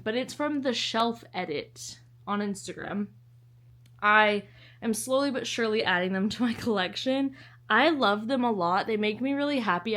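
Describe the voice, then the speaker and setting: A woman's voice: fairly high pitch, fairly bright tone. A young woman with a slight lisp, chatting casually in her book vlog with anxious, self-interrupting energy. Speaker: book vlogger.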